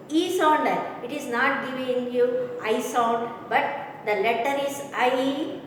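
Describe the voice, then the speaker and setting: A woman teacher with a high voice talks slowly through a pronunciation lesson, repeating sounds and asking whether the class understands. She is caught from a distance in a large hall, her voice ringing with long reverb over a faint room hum. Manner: slow, repetitive, asks "understand?" often. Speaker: English teacher. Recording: echoey hall from far off, faint ambience.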